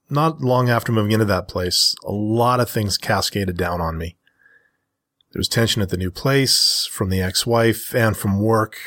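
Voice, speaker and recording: Reading his own first-person tale, a middle-aged man keeps a steady, measured rhythm in a lowish voice before shifting to frank talk with the listeners.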